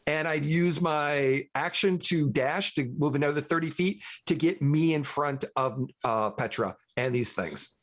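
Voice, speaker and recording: A man taking his turn in a tabletop role-playing game. His voice sits a little high, and he talks eagerly through his character's charge. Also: measured pace, few pauses. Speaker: player.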